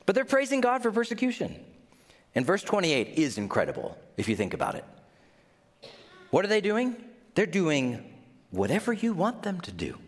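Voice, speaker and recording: A man preaching a sermon in a conversational, animated way, often rising to excited exclamations. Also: high voice, moderate pace. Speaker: pastor. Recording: long hall reverb.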